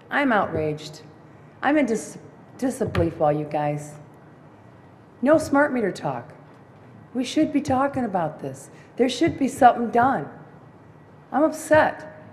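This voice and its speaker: A woman's voice: fairly high pitch, a little mellow. A woman making an urgent, pleading public comment at a city council meeting. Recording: echoey council chamber, faint hum.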